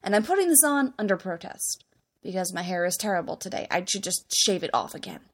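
A woman's voice: fairly low pitch, expressive, brisk. A woman voicing a flustered, sarcastic teenage boy who snaps back defensively, in a spoken story reading.

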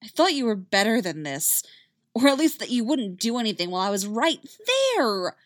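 A woman voicing a fierce, principled young female rebel pilot who speaks in a raised, forceful voice. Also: a little high, lively intonation, slow, dry recording, studio quality, pitched above the performer's own voice, full character voice. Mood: indignant.

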